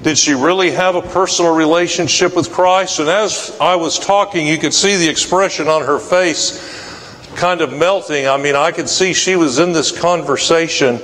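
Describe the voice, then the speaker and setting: A man's voice: a little high, moderate pace, fairly bright tone, big-room sound, slight background noise, low-quality recording. A male pastor preaching a sermon, telling a personal story in a folksy way and acting out the people in it. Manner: folksy, acts out quoted voices. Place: church sanctuary.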